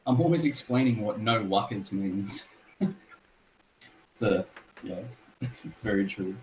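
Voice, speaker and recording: A man's voice: lowish voice, lively intonation, slow, a little hiss or hum, poor audio. A young Australian man chatting as a guest, telling stories and laughing often. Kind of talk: casual chat on a live stream.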